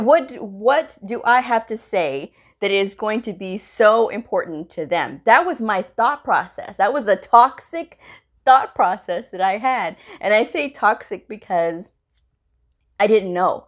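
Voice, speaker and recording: A woman talking on her vlog in a relaxed, chatty way, recording at home. She tells stories from her job as a medical coder and acts out quoted lines, jumping up in pitch for them. Her pitch sits in the middle of the usual range for a woman. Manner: animated, acts out quoted dialogue with pitch jumps; conversational, frequent "you know" and "okay?". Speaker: medical coder sharing career advice. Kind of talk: casual storytelling vlog.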